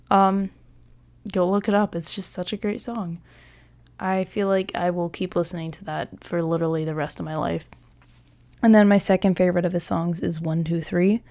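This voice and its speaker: A young woman talks through listener questions on her solo podcast. She is chatty and self-mocking, with a slightly low voice. The sound is close and dry. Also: vocal fry, darkish tone, no room sound. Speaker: podcast host.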